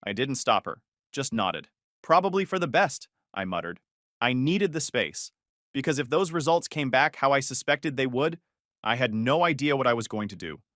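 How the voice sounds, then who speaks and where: Brief: male narrator, tense confessional story read, animated intonation. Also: mid-range voice, normal speed, no room sound, studio quality. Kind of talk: first-person story narration.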